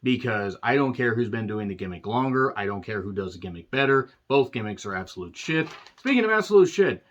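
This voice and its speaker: A man's voice: lowish voice, big pitch swings, brisk, lo-fi sound. A man reviewing a wrestling show in a sarcastic, profane, exasperated rant.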